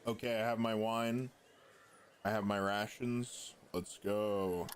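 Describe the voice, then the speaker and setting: A man playing a tabletop game over voice chat, blunt and deliberate. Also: lowish voice, steady tone, slight background noise. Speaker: player. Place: home, voice chat.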